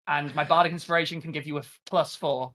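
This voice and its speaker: Bright-voiced tabletop player asking quick questions. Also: medium pitch, fairly even intonation. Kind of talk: casual tabletop game chat.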